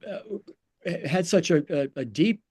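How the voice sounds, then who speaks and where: A male podcast host with a somewhat high voice speaks in a measured, reflective way. He pauses often on fillers while framing his thoughts and questions. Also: lively intonation, a little mellow, husky.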